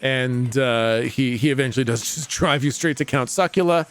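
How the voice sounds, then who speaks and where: A man's voice: mid-range voice, normal speed, smooth, faint music behind. A tired man narrating as game master of a tabletop game, rambling with lots of fillers and casual swearing.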